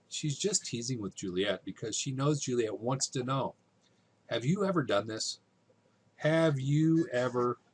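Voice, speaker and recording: A man's voice: fairly low pitch, slight background noise. A man teaching a literature lesson in a casual, conversational way, often checking in with his listeners.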